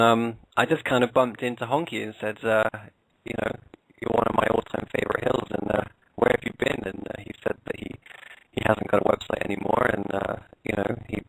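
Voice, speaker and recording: A man's voice: lowish voice, creaky, a bit bright, no room sound, rough recording. A British man, a podcast co-host, chatting casually as an interview guest, hesitant with many fillers and restarts. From England.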